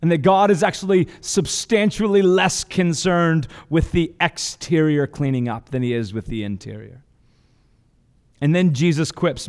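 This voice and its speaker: A man with a fairly high voice preaches in an earnest, conversational way, dropping casual asides and restarting his phrases. His sermon rings with a long hall reverb, as if it were recorded in a church sanctuary. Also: moderate pace. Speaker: pastor.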